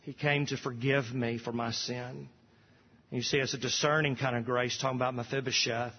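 A pastor preaching a sermon, rising to emphatic repeated refrains, recorded from a distance in a church sanctuary. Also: male voice, medium pitch, little pitch movement, moderate pace, breathy edge, big-room sound, dull audio.

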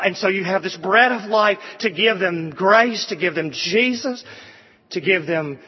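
A man's voice: high-pitched, measured pace, slightly rough. A man preaching a sermon, quoting scripture and building through repeated appeals. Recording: dull sound with long hall reverb.

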